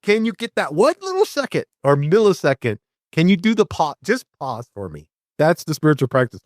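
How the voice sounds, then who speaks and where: A man's voice: on the high side, wildly swooping pitch, fairly quick, no echo, clean studio sound. A man hosting a casual spiritual conversation about recovery, talking emphatically, swearing freely and acting out the voices in his head.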